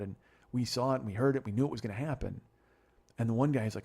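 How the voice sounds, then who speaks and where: Gravelly, husky man telling a rambling story. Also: fairly low pitch, racing. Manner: profane, rambling, animated retelling. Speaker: podcast host. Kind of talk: storytelling monologue.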